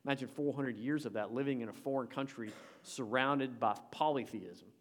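A male pastor delivering a sermon in a mid-range voice. He talks to the congregation in a conversational way, pushing his voice up for emphasis and then dropping it low again. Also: moderate pace. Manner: emphatic, rising and falling in volume; conversational, addressing the congregation directly.

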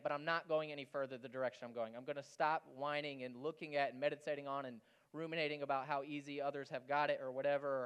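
Male pastor, conversational and animated sermon delivery; smooth, resonant voice that sits a bit high. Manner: conversational, animated preaching with frequent "does that make sense?".

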